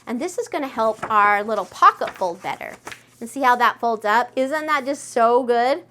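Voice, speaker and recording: A woman hosting a step-by-step craft tutorial, chatty and friendly, gushing with excitement over her project. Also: on the high side, normal speed, slight background noise.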